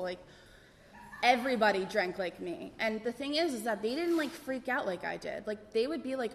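A woman's voice: mid-range voice, brisk. Young woman, casual talk in a reverberant hall. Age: 20s. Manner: casual, filler-heavy, self-deprecating. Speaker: speaker sharing her story. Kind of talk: personal testimony to a group. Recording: long reverb in a hall, faint background noise.

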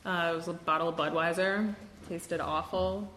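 A woman's voice: on the low side, steady tone, normal speed, a bit bright, reverberant, slight background noise. A young woman from Wisconsin giving a candid, self-deprecating personal testimony at a recovery meeting, with a lot of fillers and laughter.

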